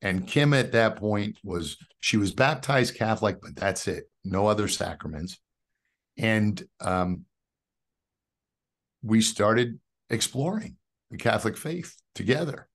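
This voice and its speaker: A middle-aged man from New York, a podcast guest telling his personal faith testimony as an animated storyteller who calls the host brother. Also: on the low side, takes it slowly. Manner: animated storyteller who acts out quoted dialogue.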